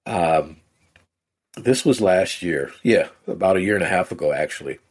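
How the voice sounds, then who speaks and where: A man, a podcast guest, telling a personal story in a relaxed, rambling way with many fillers. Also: low-pitched, normal speed, breathy edge. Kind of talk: casual conversational storytelling.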